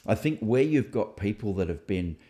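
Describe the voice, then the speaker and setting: A man's voice: lowish voice, lively intonation, moderate pace, dark tone. A man hosting a casual discussion, reflective and thinking aloud with fillers and restarts. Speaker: author and host.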